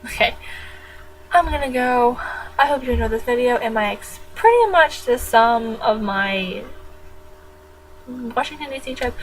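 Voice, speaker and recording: Slow-talking giggly teenage girl vlogging. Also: a little high, slight background noise, rough recording. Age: teens. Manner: rambling, giggly, jokey. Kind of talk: casual vlog chat.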